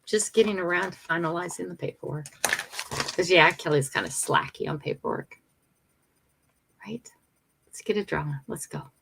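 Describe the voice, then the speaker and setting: A woman's voice: deep voice, moderate pace, creaky, background noise. An older woman hosting a casual morning livestream, chatting emotionally and talking straight to her viewers. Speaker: livestream host.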